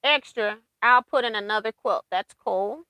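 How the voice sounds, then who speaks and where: A woman's voice: on the high side, normal speed, bright, forceful tone, no echo. A woman hosting a casual quilting livestream, chatting and laughing as she reads viewer comments aloud.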